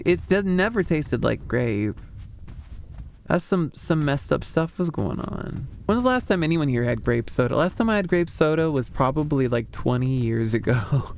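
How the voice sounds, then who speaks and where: A man's voice: on the high side, a little mellow, slight background noise. A man streaming as a VTuber, talking casually with chat in a rambling way full of fillers. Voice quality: smooth. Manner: rambling, chatty, lots of fillers.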